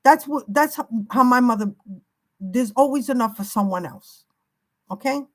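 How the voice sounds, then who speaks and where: A woman's voice: fairly high pitch, normal speed, poor audio. An older woman giving an unscripted spiritual reading, emphatic and warning, piling up repeated phrases. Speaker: spiritual reader.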